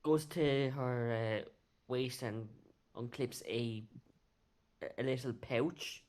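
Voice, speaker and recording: A man narrating as game master of a tabletop role-playing game, halting as he describes the scene. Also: mid-range voice, steady tone, a little mellow. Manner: halting, many fillers and restarts.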